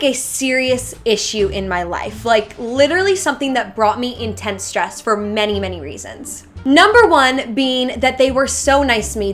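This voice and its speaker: A young woman telling a casual storytime to her channel from her bedroom, chatty and full of "like". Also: a little high. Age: young adult. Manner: chatty, filler-heavy, lots of "like". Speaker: YouTuber.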